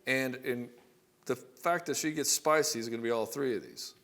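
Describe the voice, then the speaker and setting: Speaking at a normal speed with a fairly bright tone, this middle-aged relationship coach is blunt and profane, talking straight to the listener in an offhand monologue. His pitch is typical for a man, and he imitates the voices in the arguments he quotes.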